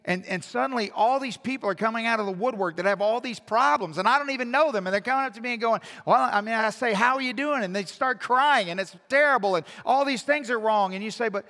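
Pastor mid-sermon, male, high voice, hushed-to-emphatic delivery, reverberant sanctuary. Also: quick pace, few pauses. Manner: swings from hushed intimate asides to loud emphatic exhortation. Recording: long hall reverb.

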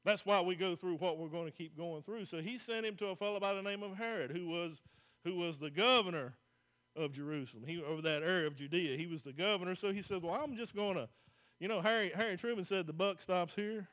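Male pastor, folksy sermon delivery, higher-pitched voice. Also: fairly bright tone. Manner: folksy, plain-spoken preaching with restarts.

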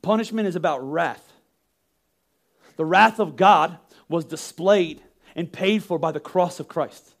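A man with a notably high speaking voice delivers a sermon. He is animated, breaks into sudden acted-out shouts, and often repeats words when he restarts a thought. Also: measured pace, vocal fry, long pauses. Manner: animated, acts out yelling parents with sudden shouts. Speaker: pastor.

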